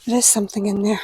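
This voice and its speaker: A woman with a British accent hosting a gardening vlog outdoors at an allotment, talking to camera and often dropping to a hushed whisper. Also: mid-range voice, a little hiss or hum. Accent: British English. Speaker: gardening channel host. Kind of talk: casual vlog talk to camera. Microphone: small clip-on microphone.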